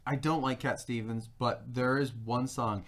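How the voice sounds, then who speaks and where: A young man co-hosting a live stream, chatting casually in a rambling way. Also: a little slow. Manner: rambling, animated, jumps between pitches. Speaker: co-host.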